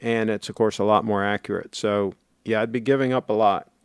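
A man's voice: fairly low pitch, fairly even intonation, a little fast, smooth, dry recording, studio quality. A middle-aged man hosting a casual livestream, reading viewer comments aloud and rambling on in a chatty, self-correcting way.

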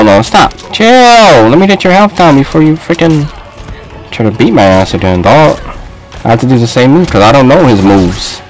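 A man giving loose, excitable gameplay commentary, trash-talking and yelling at his opponent on screen. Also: mid-range voice, low-quality recording. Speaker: gaming video host.

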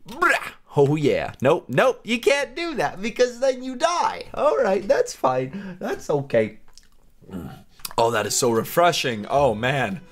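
A young man hosting a casual game commentary, playful and chatty, laughing often. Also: medium pitch. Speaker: gaming video host.

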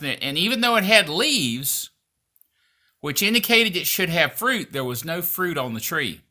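Lively, bright-voiced male preacher. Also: on the high side. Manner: lively, emphatic, with frequent fillers and restarts. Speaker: preacher and podcast host. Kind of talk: sermon teaching.

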